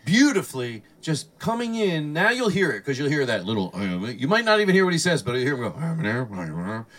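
A man's voice: fairly high pitch, sing-song, moderate pace, a bit bright, far from the mic. A man hosting a podcast, telling rambling profane stories in casual chat and acting out the people he quotes. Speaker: podcast host, comedian.

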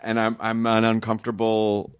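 A man hosting a podcast, teasing his guest with playful questions in a relaxed chat. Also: lowish voice, moderate pace, clear, resonant tone, no room sound, studio quality. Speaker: podcast host. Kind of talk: casual chat.

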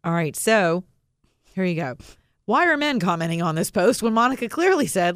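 A woman hosting a casual talk show, frank and animated as she reads listener comments aloud. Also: mid-range voice, normal speed, clean tone, no room sound, studio quality. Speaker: podcast host. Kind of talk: casual chat.

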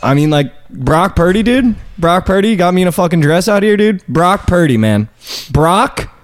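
A man's voice: high voice, lively intonation, moderate pace. A young man co-hosting a sports betting podcast, joking and swearing through loose, laughing banter. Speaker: podcast co-host. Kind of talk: casual chat.

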